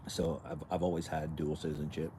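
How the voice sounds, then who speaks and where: Man, light French accent, very low voice, mellow tone, rambling livestream chat, faint outdoor ambience. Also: little pitch movement, a little hiss or hum. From France. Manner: rambling, halting, many restarts and fillers. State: chilled, cold after a workout. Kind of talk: casual livestream chat with viewers. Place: sitting outdoors in the cold.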